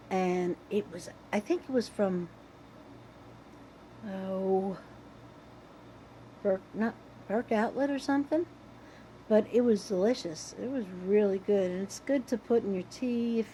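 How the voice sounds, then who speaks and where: Chatty older woman, mellow voice. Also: medium pitch, a little hiss or hum, poor audio. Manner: rambling, chatty, with restarts and tangents. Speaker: vlogger. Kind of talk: casual chat to camera.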